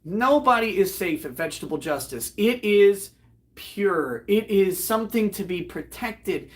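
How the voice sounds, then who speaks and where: A man, host of a live online show, retelling a comedy act in a loud, profane, animated way and breaking into laughter. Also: high-pitched, measured pace. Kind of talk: casual storytelling on a livestream.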